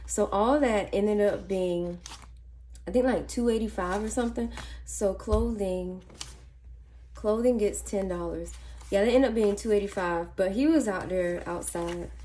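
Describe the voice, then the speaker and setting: A woman vlogging casually, telling a chatty, animated story and counting money softly under her breath. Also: medium pitch, a little slow. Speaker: budgeting vlogger. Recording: faint background noise and clicks.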